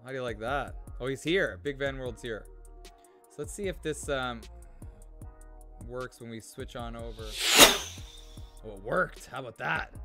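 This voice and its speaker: A man's voice: medium pitch, a little slow, pauses often, music in the background. A man hosting a casual gaming livestream, chatty and reading viewer comments aloud as he talks. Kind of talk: casual live-stream chat.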